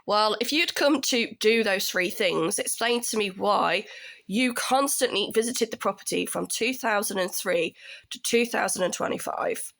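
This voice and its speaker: A woman's voice: medium pitch, unhurried, vocal fry, fairly bright tone. A woman in her thirties, a tenant telling her story in a casual, indignant rant that climbs into raised exasperation.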